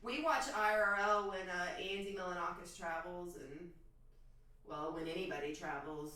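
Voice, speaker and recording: A woman's voice: lowish voice, fairly even intonation, normal speed, bright, forceful tone. A woman chatting casually and swearing with her viewers while she paints in her home studio during a livestream. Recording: echoey room from far off.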